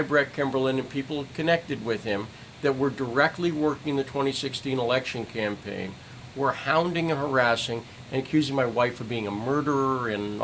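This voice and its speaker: An angry middle-aged man in a livestream rant, voice of ordinary pitch, swearing and hammering the same phrases again and again. A faint hum sits under the recording. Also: a bit bright, rough recording. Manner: furious, profane, repeats phrases for emphasis. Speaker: citizen journalist streamer.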